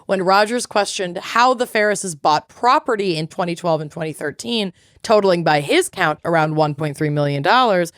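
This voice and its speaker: A woman's voice: fairly low pitch, animated, normal speed, hardly any pauses, a bit bright, no room sound, clean studio sound. A woman co-hosting a podcast, casually retelling a true crime case and reading out court quotes, with some swearing. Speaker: podcast co-host.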